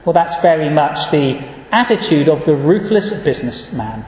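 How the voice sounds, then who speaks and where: Man, preacher, earnest sermon, higher voice, booming church echo. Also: sing-song, darkish tone. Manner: earnest, measured, reads scripture verses aloud. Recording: echoey church hall.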